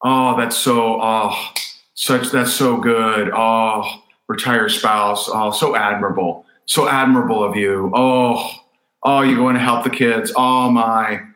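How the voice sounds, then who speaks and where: A man's voice: mid-range voice, expressive, moderate pace, sharp tone, echoey room, low-quality recording. A man putting on the voice of a sentimental, self-admiring man who coos and sighs over his own good intentions. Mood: gushing.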